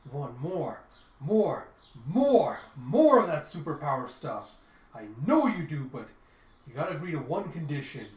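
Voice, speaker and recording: A man reading aloud and voicing a scheming old male cyber technician in a gruff, dealmaking way, recorded in a roomy space. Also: fairly high pitch, animated, moderate pace, close to an everyday voice. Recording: roomy echo.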